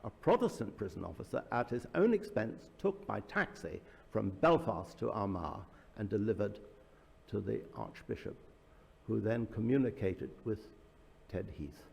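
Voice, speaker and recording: A man's voice: mid-range voice, gravelly, a little mellow. A man speaking as an author at a book launch, telling anecdotes in a loose public talk, with many fillers and restarts. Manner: storytelling with frequent fillers and restarts. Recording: reverberant hall.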